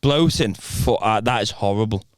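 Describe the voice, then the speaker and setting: A man with a smooth, lowish voice co-hosts a podcast, chatting casually at normal speed. The sound is clean studio quality with no room sound.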